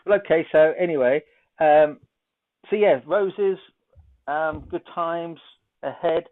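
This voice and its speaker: A man with a fairly high voice takes his time as he hosts a psychic show, giving card readings and running a quiz over a video call. He's chatty and joking, thinking aloud, and the line sounds tinny, like a phone.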